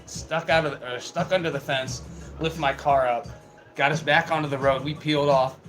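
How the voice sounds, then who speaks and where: Recorded in low quality with music in the background, a young man speaks at a normal speed in a steady, fairly bright, somewhat high voice. He casually tells wandering, foul-mouthed stories and laughs throughout.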